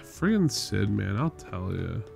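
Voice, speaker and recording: A man hosting a casual let's-play, relaxed and loose, talking through his gameplay. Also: fairly low pitch, measured pace, gravelly, faint music behind.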